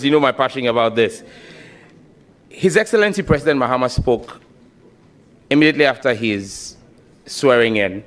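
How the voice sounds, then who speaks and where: A man answers a committee as a nominee, stating his positions emphatically. He speaks in formal testimony style. His pitch is middling for a man. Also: a bit bright. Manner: emphatic, declarative. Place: parliamentary committee hearing room.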